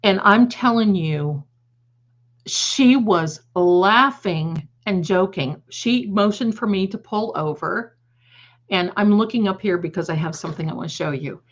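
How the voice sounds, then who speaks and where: A woman's voice: medium pitch, lively intonation, unhurried. Chatty older woman telling stories, lo-fi. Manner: chatty, digressive, laughs at her own stories. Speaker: tarot reader hosting a livestream. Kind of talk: casual storytelling to a live audience. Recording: slightly dull lo-fi sound.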